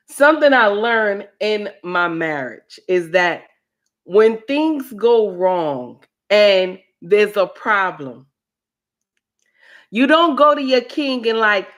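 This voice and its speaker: Slow, preachy woman on a livestream. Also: mid-range voice, animated, a bit bright. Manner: preachy, repeats lines for emphasis. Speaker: livestream host. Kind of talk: casual commentary livestream.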